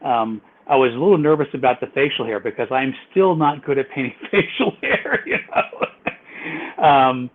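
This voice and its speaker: Calm middle-aged man on a phone-like line. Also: medium pitch, normal speed. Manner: calm, agreeable, explains his process plainly. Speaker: guest painter. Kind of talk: casual interview chat.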